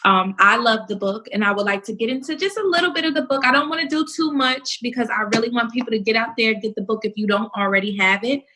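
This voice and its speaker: A woman's voice: fairly high pitch, fast, few pauses, pushed and bright. Encouraging woman interview host. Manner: encouraging, affirming listener. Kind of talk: conversational interview.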